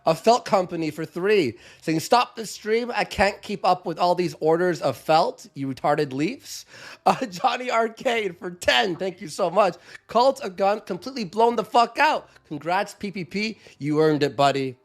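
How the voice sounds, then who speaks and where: A man's voice: high-pitched, animated, moderate pace. A man co-hosting a live stream, reading out donation messages in a casual, joking way with laughs and fillers. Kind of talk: casual livestream chat.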